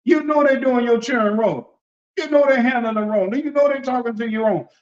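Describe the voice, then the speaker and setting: Speaking at an extremely high pitch and a little fast, this apostle leads a discussion with easygoing, folksy, animated preaching. Phrases get repeated, quoted people get voiced, and the sound is muffled and lo-fi, livestream-style.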